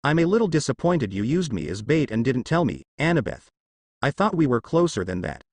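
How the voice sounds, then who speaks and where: A man's voice: medium pitch, very animated, a little fast, darkish tone, no echo. Brief: male narrator as defiant teen boy hero, blunt delivery.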